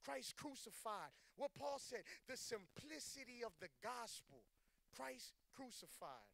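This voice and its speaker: A man's voice: very high voice, sing-song, unhurried, creaky, fairly bright tone, poor audio. A man preaching a sermon as pastor, speaking casually between emotional testimony and fervent, emphatic preaching.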